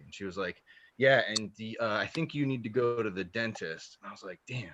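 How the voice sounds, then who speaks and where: A man doing stand-up, telling a long story in a profane, animated way and laughing at his own lines. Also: fairly low pitch, brisk. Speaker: stand-up comedian.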